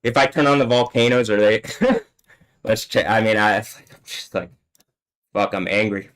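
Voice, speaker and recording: A man's voice: fairly low pitch, moderate pace, fairly bright tone, rough recording. A man hosting a solo livestream, talking in an agitated, swearing rant. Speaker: livestream host.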